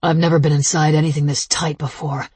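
A woman reading the lines of a demanding, controlling young man in an audiobook, low and urgent. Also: little pitch movement, a little fast, darkish tone, breathy edge, no room sound. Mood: urgent, commanding.

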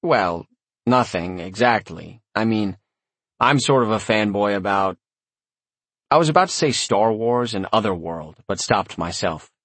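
A man narrating a first-person story in a wry, sardonic tone, with a husky voice. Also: on the low side, lively intonation, a little slow, fairly bright tone, dry recording. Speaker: audiobook narrator.

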